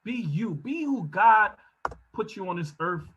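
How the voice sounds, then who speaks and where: A man giving a motivational talk over a video call from his home office, speaking in an emphatic, preacherly style that swells into shouts. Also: sits high, lively intonation, unhurried, muffled recording, a little hiss or hum. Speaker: guest speaker.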